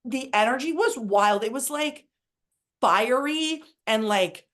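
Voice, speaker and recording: A woman's voice: fairly high pitch, slow pace. Woman podcast co-host, chatty and rambling, casual spiritual talk. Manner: rambling and excitable, heavy use of "like".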